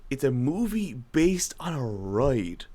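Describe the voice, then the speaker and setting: Young male co-host, very animated pitch, giggly and rambling, casual chat. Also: slow. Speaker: podcast co-host.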